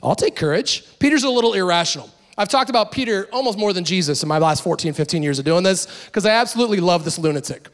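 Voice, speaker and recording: Male pastor, middle-aged, high-pitched, animated conversational sermon, dramatic pauses.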